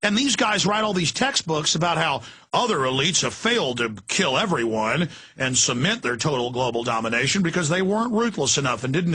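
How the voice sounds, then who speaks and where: Ranting radio host, bright and husky. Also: male voice, fairly high pitch. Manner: impassioned, ranting, shifts between yelling and hushed intensity. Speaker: radio talk show host. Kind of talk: ranting talk radio monologue.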